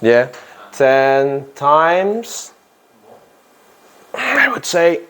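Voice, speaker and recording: A man teaching an English grammar lesson in a classroom, speaking deliberately, stressing key words and quizzing his students. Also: on the high side, big pitch swings, fairly bright tone, clean tone.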